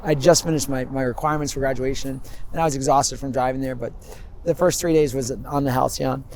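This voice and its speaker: A man in his fifties telling his story in a rambling, animated way on an outdoor street interview, laughing often. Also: medium pitch, brisk, a little hiss or hum. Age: 50s.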